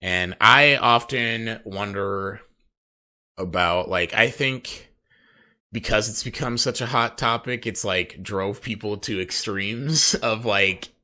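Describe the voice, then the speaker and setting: A man's voice: lowish voice, slow pace, sharp tone. A man hosting a casual interview, talking in a rambling way with many "like" and "uh" fillers. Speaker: host.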